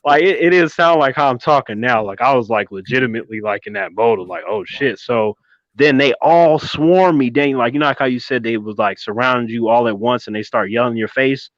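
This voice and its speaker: Brief: man in his thirties, cusses, spins a lively story, dull dry lo-fi sound. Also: medium pitch, fairly quick, dry recording. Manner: animated, swearing, keeps addressing his co-host by name. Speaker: podcast co-host. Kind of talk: casual storytelling chat.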